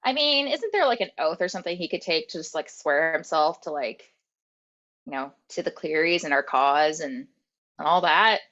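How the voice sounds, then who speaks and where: A woman's voice: deep voice, lively intonation, moderate pace, fairly bright tone. A woman playing in a tabletop game, playful and joking, in a dull lo-fi recording. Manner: playful, laughing often. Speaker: player. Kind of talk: casual tabletop play.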